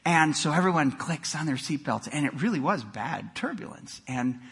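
A man preaching a sermon, telling jokes and stories with animated emphasis and frequent repeated words. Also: on the high side, normal speed, husky. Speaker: pastor.

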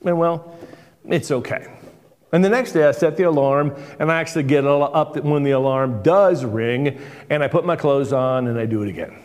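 A man's voice: on the high side, normal speed, a little mellow, soft background music. A man who is a lead pastor, giving a conversational sermon, telling stories and repeating words for emphasis. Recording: long hall reverb.

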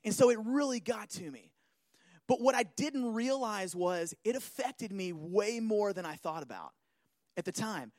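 High-voiced man telling a personal story. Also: a little slow, no echo. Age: adult. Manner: animated, keeps checking in with listeners.

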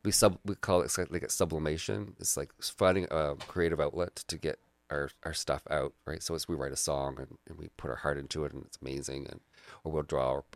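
A man's voice: extremely low pitch, vocal fry, dry recording. A man speaking as a guest artist in a casual podcast conversation, reflective and searching for words.

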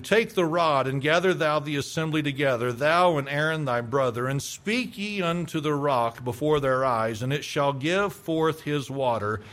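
A man with a somewhat high voice preaches a sermon. He reads scripture and keeps turning to his listeners with rhetorical questions. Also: fairly bright tone. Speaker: pastor.

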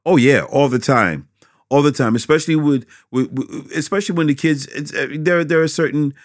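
A middle-aged man, a pastor, answering interview questions about teaching children, with animated, preacherly emphasis and frequent repetitions. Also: fairly high pitch, a little fast, no echo, studio quality.

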